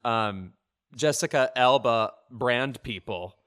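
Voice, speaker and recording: A man's voice: medium pitch, slow, fairly bright tone, smooth. A man co-hosting a podcast, chatting about pop culture in a wry, sardonic, self-deprecating way. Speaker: podcast co-host. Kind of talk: casual pop-culture chat.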